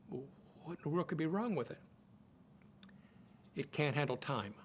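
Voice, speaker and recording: Older man teaching, fairly high voice. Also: animated, normal speed, pauses often, slight background noise. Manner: folksy, repeats words while thinking aloud. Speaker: Bible college teacher. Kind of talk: conversational teaching talk.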